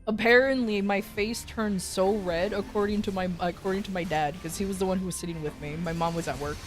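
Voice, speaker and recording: A woman's voice: medium pitch, steady tone, a little fast, soft background music. A woman with an American accent chatting casually on a stream, rambling through a story, swearing freely and laughing often. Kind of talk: casual chat.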